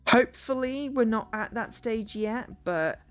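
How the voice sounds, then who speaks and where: A woman's voice: fairly high pitch, measured pace, soft background music. A woman streamer giving casual game commentary, chatty and thinking aloud.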